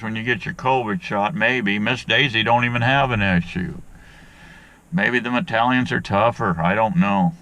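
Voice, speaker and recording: A man's voice: on the low side, fairly bright tone. A middle-aged man with a sore arm, talking in a folksy, rambling way to his viewers and getting exasperated on a phone call. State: sore arm after a shot. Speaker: outdoor vlogger and beekeeper. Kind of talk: casual vlog talk to viewers.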